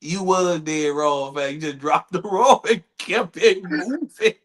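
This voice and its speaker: A man hosting a podcast, telling stories in loud, profane, laughing banter. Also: a little high, a little slow. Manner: animated, profane, laughing storyteller. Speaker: podcast host.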